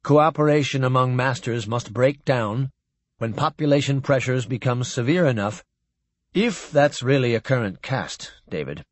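A man voicing a sad, shaken male official answering quietly. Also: medium pitch, animated, normal speed, no room sound, close to an everyday voice.

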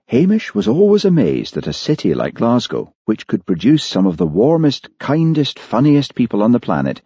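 A man giving scripted narration of an audiobook in a measured storytelling manner. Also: medium pitch, wildly swooping pitch, mellow, husky, no room sound. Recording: dull lo-fi audiobook recording.

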